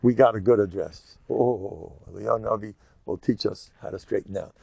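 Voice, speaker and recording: An older rabbi who gives a Torah lecture in an animated, jokey storytelling way, full of repetitions. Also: male voice, on the low side, normal speed, vocal fry, breathy edge, dry recording.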